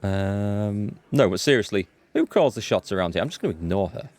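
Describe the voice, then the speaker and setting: A man's voice: lowish voice, lively intonation, brisk, darkish tone. A man hosting a let's play, musing aloud with wry asides. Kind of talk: casual gaming commentary.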